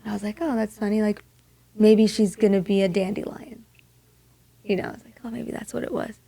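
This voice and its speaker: A young woman from Maui tells a personal story as a guest in an interview. Her voice carries a strong gravelly fry, and she speaks softly, often slipping into a near-whisper for quoted thoughts. The sound is dry and close, with no room around it. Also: mid-range voice, steady tone, a little fast, no room sound. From Maui, Hawaii. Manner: soft-spoken, drops to a hush for quoted thoughts. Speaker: singer-songwriter guest.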